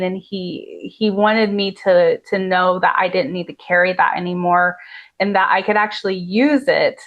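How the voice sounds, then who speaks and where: A woman's voice: medium pitch, highs cut off. A woman who is a podcast guest, telling a personal story in an earnest, heartfelt way with many "like" fillers.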